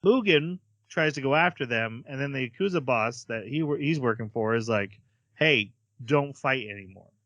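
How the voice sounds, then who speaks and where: A man's voice: mid-range voice, lively intonation, moderate pace, few pauses, a bit bright, no echo, lo-fi sound. A man hosting a podcast, casually recapping an episode in a chatty way with many fillers. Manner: chatty, hesitant with fillers, acts out quotes. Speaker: podcast host.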